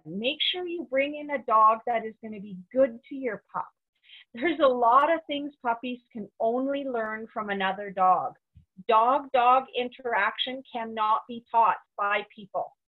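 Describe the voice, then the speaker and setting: A woman dog trainer teaching a webinar with practical, step-by-step instructions. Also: fairly high pitch. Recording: tinny phone-like webinar audio.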